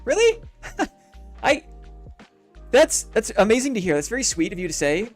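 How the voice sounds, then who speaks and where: A man's voice: high-pitched, big pitch swings, normal speed, soft background music. A man chatting casually on a live game stream, upbeat and reflective, rambling through his thoughts in a friendly way.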